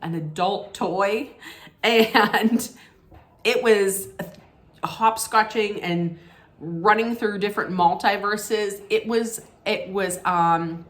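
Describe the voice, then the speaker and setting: A woman talks straight into the camera in a frank, opinionated way, handing out her own mock awards. She takes her time, speaking at an unhurried pace and often restarting her sentences. Her voice sits at a middling pitch. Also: a bit bright. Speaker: vlogger giving mock movie awards. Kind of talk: casual opinionated vlog talk.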